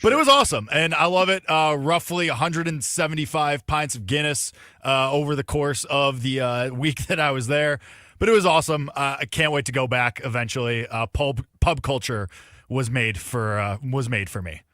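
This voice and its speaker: A man from Chicago, co-host of a betting show, telling a story casually and excitedly. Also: medium pitch, normal speed, no room sound, studio quality. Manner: excitable, acts out quoted lines loudly.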